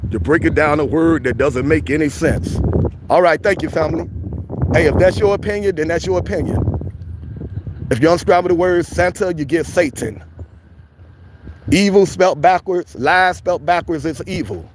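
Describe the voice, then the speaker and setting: A man's voice: a little high, normal speed. Preachy man livestreaming by a noisy street. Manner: preachy and repetitive, calls viewers family. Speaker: livestream host. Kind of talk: casual livestream chat.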